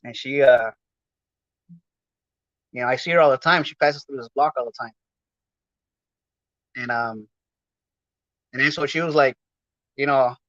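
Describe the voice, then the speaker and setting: A man's voice: medium pitch, fairly even intonation, normal speed, pauses often, a bit bright, dry recording. A man from Los Angeles hosting his podcast in a casual, rambling, slangy chat full of fillers. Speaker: podcast host. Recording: dull lo-fi dry sound.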